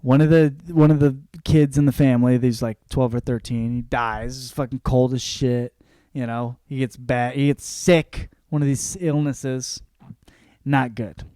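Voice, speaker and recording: A man's voice: medium pitch, little pitch movement, measured pace, dark tone, clean tone, dry recording, studio quality. A young man hosting a podcast, giving a casual book review, swearing freely and acting out the characters' lines. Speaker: podcast host.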